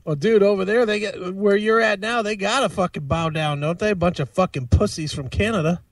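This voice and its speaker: A man's voice: sits high, a little fast, dry recording, recorded from a distance. A man hosting a podcast, goading a caller with crude, teasing questions. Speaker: podcast host. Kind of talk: crude comic call-in banter.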